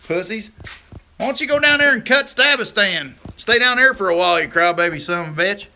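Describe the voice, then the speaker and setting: A man hosting a casual livestream outdoors, reading viewer comments aloud, rambling and teasing with bursts of loud laughter. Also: sits high, lively intonation, brisk. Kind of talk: casual live chat.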